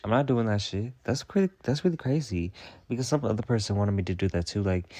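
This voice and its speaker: A man's voice: lowish voice, expressive, fairly quick, mellow. A young man hosting a comedic storytime monologue, sassy and profane, rambling with lots of "like" while answering viewer questions.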